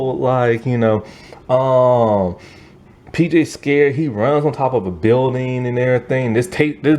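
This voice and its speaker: This man gives a casual movie review that turns into an exasperated rant. His pitch swings widely as he talks. He talks in loose slang and keeps laughing at how bad the film is. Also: a little mellow.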